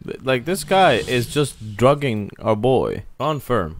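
Young dude narrating his game run, cussing, up and down a lot, kinda slow. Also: mid-range voice, a little hiss or hum. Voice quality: excitable, profane, joking. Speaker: gaming video creator. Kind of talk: let's-play commentary.

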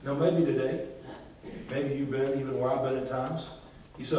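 A man preaching a sermon as pastor, drawing responses from the congregation and swinging between loud and hushed delivery. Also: mid-range voice, fairly even intonation, moderate pace, a little hiss or hum. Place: large church hall. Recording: very echoey church hall, from far off.

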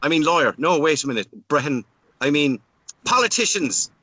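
A man's voice: fairly high pitch, moderate pace, breathy edge, no echo. An Irish man trading absurd jokes in casual comedic banter as a podcast co-host. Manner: absurd deadpan improvising, mock authority.

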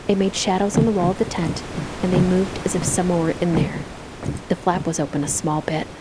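A woman voicing a calm character who tells ghost stories in a game, in an even, measured reading. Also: fairly low pitch, background noise, natural voice. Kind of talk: scripted storytelling in a game.

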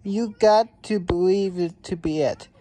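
A woman voicing a calm, encouraging male jungle chief in a storybook, speaking gently and coaxingly. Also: on the low side, measured pace, lightly acted. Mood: coaching.

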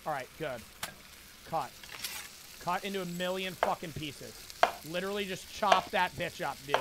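A young man streaming a cooking game, talking to his chat in a frantic, profane, yelling way. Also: high-pitched, noisy background. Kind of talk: gaming livestream commentary.

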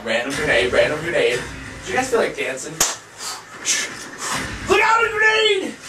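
A young man giving excitable gameplay reaction commentary, trash-talking with loud outbursts. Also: extremely high pitch. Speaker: gaming YouTuber. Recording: echoey room, distant mic, noisy.

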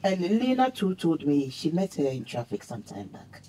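A woman's voice: sits low, big pitch swings, moderate pace, warm tone, slight background noise. An actress playing an older mother who pleads and protests her innocence to her son. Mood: hesitant.

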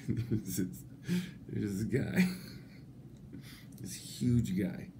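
A man telling a rambling comic anecdote, swearing freely and breaking into laughter between halting phrases. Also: on the low side, steady tone, gravelly, noisy background. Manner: laughs through his words, swears a lot; halting, many restarts. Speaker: storyteller.

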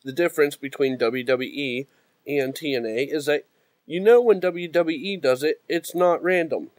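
A man's voice: fairly high pitch, normal speed, no echo. Guy on a podcast ranting, counting off his points, dry close sound. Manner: argumentative, lists his points. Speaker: podcast co-host. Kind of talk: casual podcast rant.

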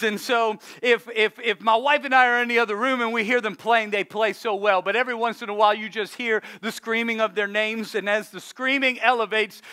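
A man in his thirties preaching a playful, jokey sermon as a pastor, drawing the congregation into call-and-response and acting out shouting at his young kids. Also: sits high.

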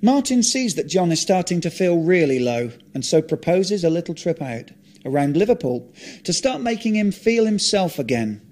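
Male author-reader, deadpan delivery, blunt asides, slightly raised pitch. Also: normal speed. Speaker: author narrating his own script. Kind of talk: reading a script aloud, narration and dialogue.

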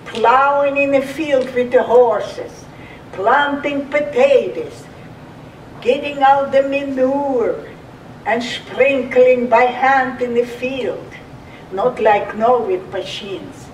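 A woman's voice: sits high, takes it slowly, distant mic, slight background noise. A woman in her eighties from Russia with a Russian accent, telling her life story in simple, broken English. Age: 80s. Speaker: survivor giving oral history. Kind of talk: personal testimony. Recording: echoey room, off-mic.

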